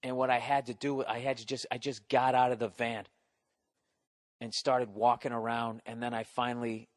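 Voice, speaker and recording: A man's voice: mid-range voice, little pitch movement, moderate pace, no echo. A man with a Boston accent tells a story on his own podcast. He rambles, mocks himself and swears freely. His mid-range voice is close and dry, with no room sound around it. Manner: profane, rambling, self-mocking. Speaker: podcast host. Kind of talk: casual storytelling monologue.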